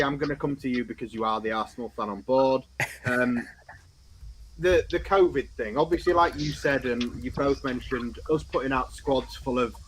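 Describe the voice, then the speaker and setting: A man's voice: mid-range voice, a little hiss or hum, low-quality recording. A man hosting a fan podcast, talking in long rambling questions with casual swearing. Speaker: show host.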